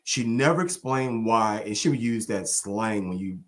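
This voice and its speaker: A man hosting a discussion podcast, telling stories in an expressive, animated way. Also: fairly low pitch, normal speed. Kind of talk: casual discussion.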